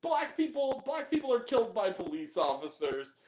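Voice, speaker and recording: A man chatting casually on a film review podcast, animated and profane, laughing often as he rants. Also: sits high, normal speed, hardly any pauses, echoey room, low-quality recording. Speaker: podcast co-host reviewing films. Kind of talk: casual chat.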